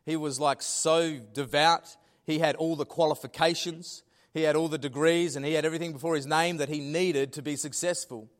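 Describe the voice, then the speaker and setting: A middle-aged man preaching from the pulpit. His voice sits fairly high for a man, and he swings between loud, rising emphasis and quiet, dropped asides. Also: fairly even intonation, moderate pace. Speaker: pastor. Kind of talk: sermon.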